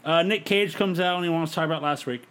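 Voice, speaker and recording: A man's voice: fairly high pitch, a bit bright, clean tone. Man recapping a fantasy wrestling card. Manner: brisk play-by-play recap with light laughs. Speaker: podcast host. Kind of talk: casual podcast chat, reading out a fantasy wrestling show.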